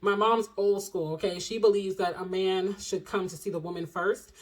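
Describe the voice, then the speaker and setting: A young adult woman in a casual storytime chat to camera at home, chatty and animated, acting out quotes in different voices. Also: mid-range voice, normal speed. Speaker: vlogger. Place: home, indoors.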